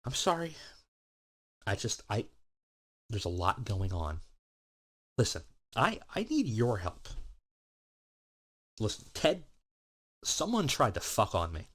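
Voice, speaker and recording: A man's voice: on the low side, huge pitch swings, takes it slowly, long pauses, fairly bright tone, exaggerated voice. A man voicing an unhinged, paranoid male wrestling boss who gives commands in urgent, clipped speech. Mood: agitated.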